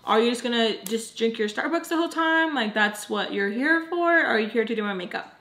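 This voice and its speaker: A woman's voice: a little high, expressive, fairly quick, fairly bright tone, reverberant. A woman voicing a rude, impatient female makeup client who talks down to her makeup artist. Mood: snippy. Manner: snippy, condescending.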